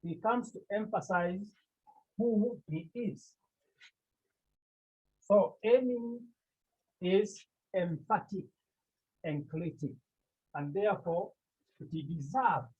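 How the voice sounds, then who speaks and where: Man as Greek teacher, slow and repetitive, husky voice, tinny call audio. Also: high-pitched, a little mellow. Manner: slow, repetitive, with many pauses. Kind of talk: online language lesson. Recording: tinny phone-like line.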